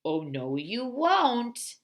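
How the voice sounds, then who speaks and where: A woman's voice: fairly high pitch, wildly swooping pitch, very slow, heavily acted. A woman voicing sing-song tiny baby bugs. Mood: sassy.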